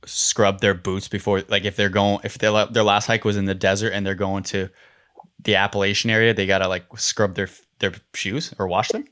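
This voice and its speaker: A man hosting a podcast, chatting casually and telling stories with lively acted-out quotes. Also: lowish voice, a little fast. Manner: animated storytelling, acts out quotes. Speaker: podcast host.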